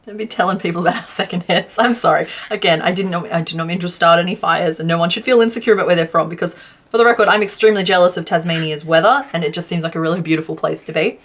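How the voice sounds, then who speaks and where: A woman's voice: fairly low pitch, very fast. Chatty Western Australian woman streamer. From southwest Western Australia. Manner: chatty, self-deprecating, laughs often, rambling. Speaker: crochet streamer reading chat. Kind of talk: casual live-stream chat while crocheting.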